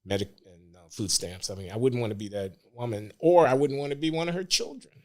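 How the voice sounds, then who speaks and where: Older male guest with a mid-pitched voice, measured and deliberate, gets emphatic. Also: a little mellow. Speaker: podcast guest. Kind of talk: interview conversation.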